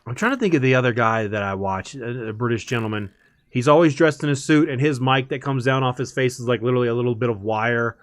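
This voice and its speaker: A man's voice: medium pitch, fast, dry recording, clean studio sound. A man chatting casually while streaming a game, rambling and laughing easily. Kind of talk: casual chat while gaming.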